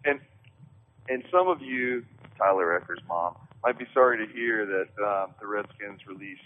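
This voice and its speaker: A man's voice: fairly low pitch, animated, moderate pace. Brief: joking male sports co-host, phone-thin sound, faint hiss. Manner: joking, casual with "dude". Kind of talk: casual sports chat. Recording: phone-like line with faint noise.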